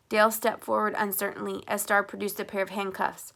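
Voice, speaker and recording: A woman narrates an audiobook with lively storytelling and quick switches between characters. Her voice is mid-pitched for a woman. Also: creaky. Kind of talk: scripted narration.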